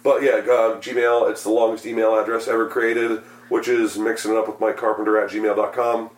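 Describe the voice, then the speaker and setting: A man hosting a casual podcast, rambling and swearing freely, his voice going hoarse. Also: on the low side, level tone, a little fast, reverberant. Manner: profane, rambling, self-mocking. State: losing his voice. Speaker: podcast host.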